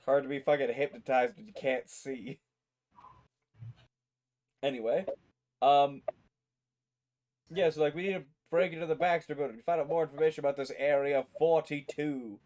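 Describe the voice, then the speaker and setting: A man's voice: fairly high pitch, moderate pace, long pauses. Man casually retelling a story. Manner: animated retelling with acted-out quotes and swearing. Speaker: podcast co-host. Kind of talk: casual chat.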